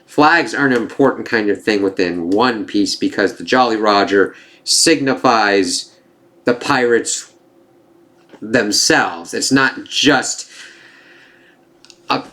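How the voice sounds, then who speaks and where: A man's voice: fairly low pitch, fairly bright tone. A man giving a casual spoken review of an anime season, rambling with fillers and swearing freely as he gets worked up.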